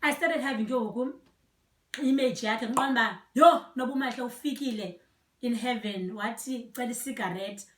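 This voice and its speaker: A woman's voice: a little high, a little fast, a bit bright. A young South African woman with a Xhosa accent and Xhosa as her first language, earnestly and reflectively telling a personal story and switching between languages. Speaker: vlogger. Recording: echoey room, voice from a distance.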